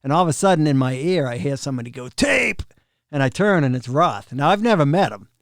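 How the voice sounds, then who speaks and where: Middle-aged male drum tech, animated storyteller, slightly high voice, dry close mic. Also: fast talker, no room sound. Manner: animated, laughs often, acts out quoted people. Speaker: professional drum tech, podcast guest. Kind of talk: casual storytelling of road anecdotes.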